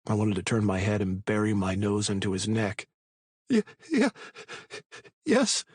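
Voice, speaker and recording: Man narrating an audiobook, low voice, husky, dry close sound. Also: completely flat delivery, fairly quick, a little mellow, dry recording. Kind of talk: scripted first-person narration.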